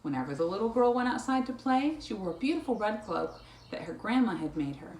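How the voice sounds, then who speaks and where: A woman reading picture books aloud to a child, playful and animated, breaking into animal sounds. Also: mid-range voice, a little fast. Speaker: storytime reader. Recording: echoey room, faint noise.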